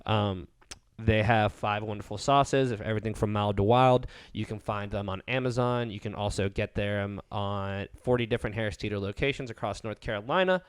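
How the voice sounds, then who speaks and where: A man's voice: fairly low pitch, moderate pace, clear, resonant tone, no echo. A man, co-hosting a podcast in a loose, profane storytelling way. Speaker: podcast co-host. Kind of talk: casual podcast chat.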